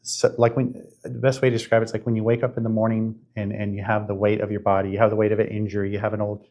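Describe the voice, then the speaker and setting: Man, fifties, podcast host, low voice, earnest, stop-start casual storytelling. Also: level tone, darkish tone. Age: 50s. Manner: earnest, halting, many restarts.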